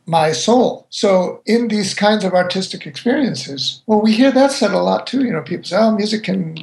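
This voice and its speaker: Man, conductor, interview guest, high pitch, gravelly, philosophical, step-by-step explanations. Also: animated, moderate pace. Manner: thoughtful, philosophical, builds ideas step by step.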